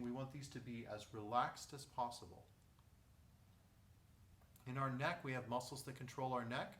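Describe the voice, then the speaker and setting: A man teaching a vocal lesson, guiding breathing and posture in a calm, step-by-step way. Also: mid-range voice. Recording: echoey room, mic at a distance.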